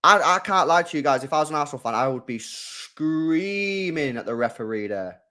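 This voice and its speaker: A young man giving live, slangy reaction commentary on a football match. He drifts between low mumbling and loud, sweary outbursts. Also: expressive, normal speed. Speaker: football watchalong streamer.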